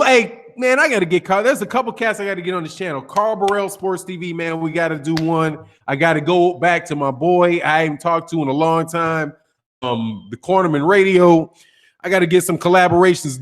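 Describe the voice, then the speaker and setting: A man hosting a casual boxing live stream, reading out viewer names and comments in loose, slangy talk. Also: fairly high pitch. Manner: loose, slangy, greets chatters one by one.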